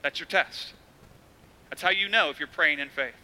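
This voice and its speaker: A man in his thirties delivers a sermon as a pastor, slipping into quoted voices as he tells stories. His voice sits high and rings very bright. The manner is relaxed and conversational rather than formal. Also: moderate pace, low-quality recording. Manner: conversational storytelling preaching with acted quotes.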